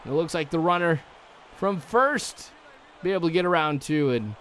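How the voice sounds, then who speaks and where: A man's voice: a little high, lively intonation, moderate pace, a bit bright, slight background noise. A young man giving rambling, chatty let's-play commentary, full of likes and ums, chuckling now and then. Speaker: gaming channel host.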